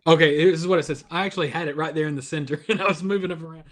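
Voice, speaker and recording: A man's voice: on the high side, steady tone, very fast. A man hosting a casual youth devotional over a video call, chatty and self-deprecating. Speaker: youth ministry devotional host.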